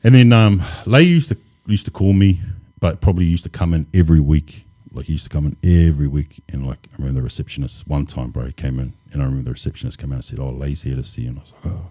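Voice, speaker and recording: Deep, mellow-voiced New man. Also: quick pace, no echo. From New Zealand. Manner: relaxed, laid-back, lots of "bro" and fillers. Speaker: interview guest. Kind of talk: casual storytelling.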